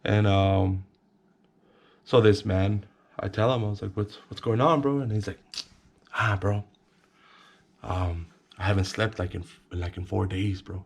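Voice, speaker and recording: A man's voice: lowish voice, fairly even intonation, unhurried, pauses often. A man casually telling a personal story to the camera, rambling and repeating words, sometimes acting out other people in a whisper.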